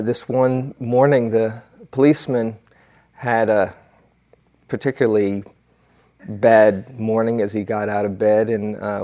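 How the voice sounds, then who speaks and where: A man's voice: lowish voice, mellow. A man giving a dharma talk as a meditation teacher, telling stories in a reflective way with fillers. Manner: unhurried, reflective storytelling with fillers.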